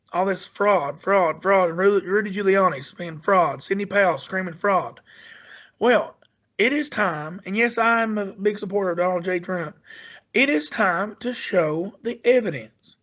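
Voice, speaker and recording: A man's voice: high-pitched, fairly bright tone. A man co-hosting a podcast, giving his political views in an emphatic, repetitive, insistent way. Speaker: podcast co-host. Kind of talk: casual political chat.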